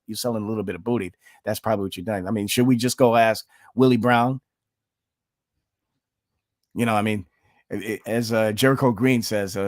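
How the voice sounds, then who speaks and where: A man's voice: lowish voice, dry recording, studio quality. Blunt man doing reaction commentary. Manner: peppers talk with "okay?" and "you know", blunt and sarcastic; shifts into preaching when citing scripture. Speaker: online commentator.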